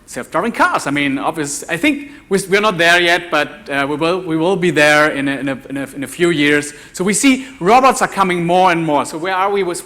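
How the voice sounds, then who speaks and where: A man in his forties from Germany with a German accent, giving a live conference talk as a developer evangelist, talking in a halting way with many restarts and repeated words. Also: fairly high pitch, sharp tone. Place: conference ballroom.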